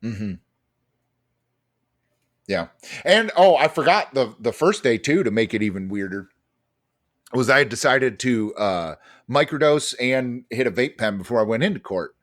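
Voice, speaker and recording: Lively, animated man telling a story. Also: mid-range voice, measured pace, pauses often. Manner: animated storytelling, heavy fillers and swearing. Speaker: podcast co-host. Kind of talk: casual chat.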